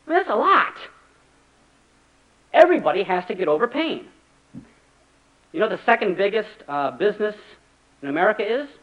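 A man preaching a sermon as a pastor, animated and acting out the voices he quotes. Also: high-pitched. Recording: dull lo-fi recording.

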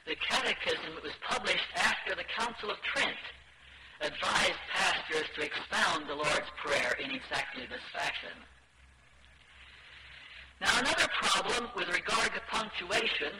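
A man giving a scholarly lecture on translation, speaking in a measured way with shifting emphasis. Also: high-pitched, roomy sound, very noisy.

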